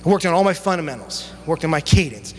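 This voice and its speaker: A young man preaching a sermon as youth pastor, telling stories in a casual, animated way with relaxed slang. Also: on the high side, fast talker. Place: church sanctuary. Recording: long church hall reverb, faint hum.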